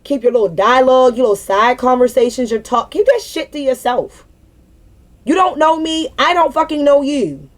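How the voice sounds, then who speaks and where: A young woman venting in an unscripted spiritual monologue, blunt and profane, preaching with repeated emphatic phrases. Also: a little high. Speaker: spiritual vlogger.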